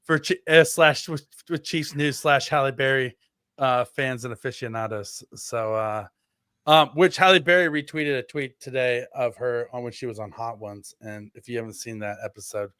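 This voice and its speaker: A man's voice: medium pitch, moderate pace, fairly bright tone, smooth, no room sound, studio quality. A man co-hosting a casual sports podcast, rambling with lots of fillers and restarts. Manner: rambling, filler-heavy, self-correcting. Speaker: podcast co-host.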